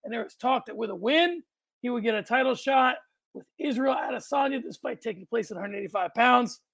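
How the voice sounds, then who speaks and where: A man's voice: extremely high pitch, brisk, gravelly, a bit bright, no echo. A man hosting a casual podcast chat, talking in a dry, matter-of-fact way. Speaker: podcast host.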